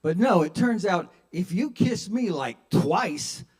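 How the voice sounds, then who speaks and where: An older man doing a self-mocking stand-up set at an open mic, shifting between mumbled asides and loud punchlines. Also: sits high, lively intonation, slow, few pauses. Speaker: stand-up comedian. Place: open mic at a kava bar.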